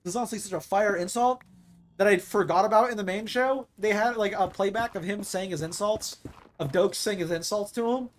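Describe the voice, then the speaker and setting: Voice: mid-range voice, a little fast. A streamer chatting casually over live gameplay, rambling with lots of fillers and casual swearing.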